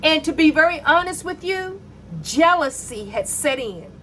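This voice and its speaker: A middle-aged woman telling a personal faith story as a mother, animated and acting out the dialogue in it. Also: sits high, unhurried, slight background noise.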